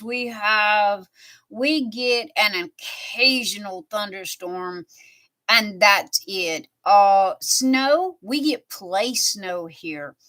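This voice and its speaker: Slow, bright-voiced chatty woman. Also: mid-range voice. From southern United States. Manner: chatty, meandering, drawn-out storytelling. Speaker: live streamer. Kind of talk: casual chat while crafting.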